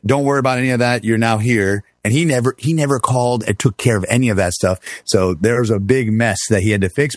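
This fairly low-pitched male guest, a former army officer in his fifties, spins casual stories during a conversation, dramatizing quoted speech with large shifts in his voice. The studio-quality audio has no echo.

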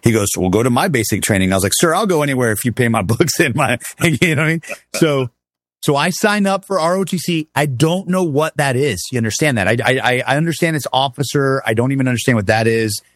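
Animated man telling army stories. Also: mid-range voice, fast, no echo, clean studio sound. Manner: animated, acts out quoted voices, laughs often. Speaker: interview guest, army veteran. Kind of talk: casual storytelling interview.

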